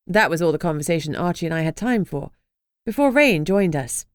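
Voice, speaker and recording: A woman's voice: on the low side, animated, a little fast, clean tone, no echo. A woman narrating a first-person fantasy audiobook with a dry, wry delivery.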